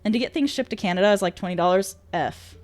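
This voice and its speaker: A woman's voice: mid-range voice, fast, soft background music. A woman streamer chatting casually with viewers, bubbly, laughing often and swearing freely. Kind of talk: casual chat reading viewer messages.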